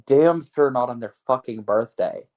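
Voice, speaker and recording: A man's voice: mid-range voice, normal speed, darkish tone, dull audio. A man co-hosting a podcast, ranting casually with heavy swearing. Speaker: podcast co-host. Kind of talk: casual chat.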